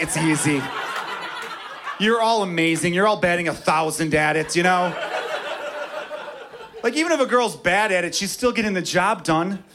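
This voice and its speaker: Young guy doing stand-up, high voice, brash and profane, crowd laughing loud. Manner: brash, profane, punchy delivery. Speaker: stand-up comedian. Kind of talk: stand-up comedy set. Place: club stage before a laughing crowd. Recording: live club recording with crowd laughter.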